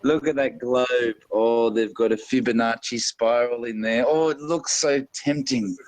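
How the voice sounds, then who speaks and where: A man's voice: mid-range voice, measured pace, a little mellow, no room sound, low-quality recording. Sarcastic man reading quotes aloud. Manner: mocking, reads quotes aloud with sarcastic asides. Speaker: hangout participant. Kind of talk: casual online hangout chat.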